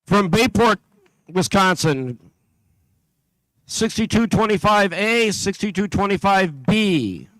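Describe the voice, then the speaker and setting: At a competition venue, a male event announcer with a notably high voice reads out one team after another, working steadily through a list with minor slips and asides. He talks slowly and pauses often, and the poor-quality recording is dry, with barely any room sound.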